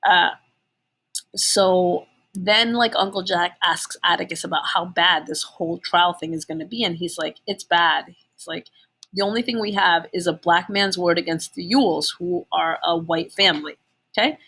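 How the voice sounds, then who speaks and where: A woman's voice: lowish voice, moderate pace, a bit bright, husky. A woman teacher giving a casual chapter summary, chatty and full of fillers, often checking in with "okay?".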